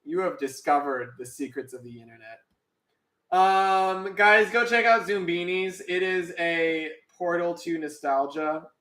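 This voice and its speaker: Streamer man, high pitch, bright tone, roomy sound; playful casual chat while drawing. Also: a little slow. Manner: chatty, playful, talks to chat. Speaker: streamer and artist.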